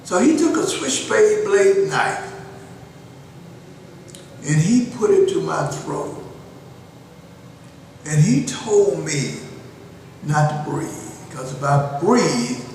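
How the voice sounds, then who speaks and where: An older man hosting a show, telling young people a moral lesson in a slow, deliberate, preaching way. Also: a little high, animated, darkish tone. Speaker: show host. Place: jail cell, steel and concrete. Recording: echoey cell, far from the mic, faint hiss.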